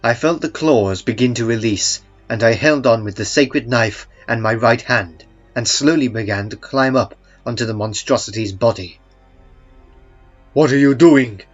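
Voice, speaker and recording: A man reading a first-person horror story in a calm, dry, understated way. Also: medium pitch, moderate pace, hardly any pauses. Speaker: narrator. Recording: muffled, with faint music beneath.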